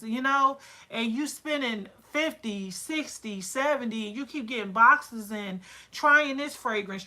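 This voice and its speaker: A woman running a casual livestream about her candle business, chatty and excitable, full of fillers and quoted asides. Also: a little high. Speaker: candle-making business owner.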